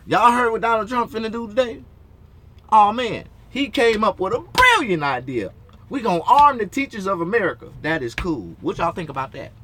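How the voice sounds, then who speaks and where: High, lively, bright-voiced man ranting. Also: moderate pace, background noise. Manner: profane, rambling rant with frequent cursing. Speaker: talk show host. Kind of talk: solo ranting talk show. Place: in his motorhome.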